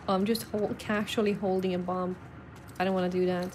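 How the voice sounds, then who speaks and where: A woman's voice: medium pitch, little pitch movement, fairly quick, darkish tone, a little hiss or hum. A young adult woman streamer giving casual, self-deprecating commentary while playing and talking to her chat. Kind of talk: casual live gameplay commentary.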